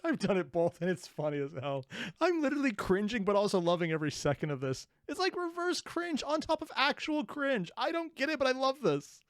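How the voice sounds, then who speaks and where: A man's voice: very high-pitched, very animated, brisk, hardly any pauses, no echo, clean studio sound. A man hosting a reaction video, who laughs and rambles in casual commentary and pokes fun at himself. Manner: laughing, rambling, self-deprecating.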